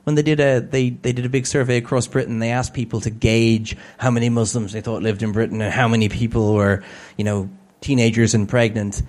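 A man's voice: mid-range voice, level tone, brisk, darkish tone. A man giving a humorous public talk to an audience, sardonic, with joking asides.

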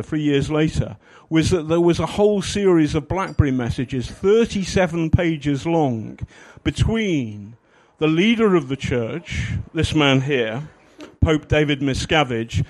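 A man speaking to an audience with a fairly high voice for a man. He rambles, stops often for fillers, and jokes at his own expense. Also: expressive, a little slow, few pauses, a little mellow. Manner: rambling with fillers, self-mocking. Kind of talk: humorous talk to an audience.

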